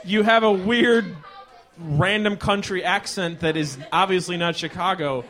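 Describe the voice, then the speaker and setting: Bright-voiced man hosting a comedy podcast. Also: sits high, some chatter behind. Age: 30s. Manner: playful, quick deadpan comebacks. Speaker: podcast host. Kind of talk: comedic improv banter.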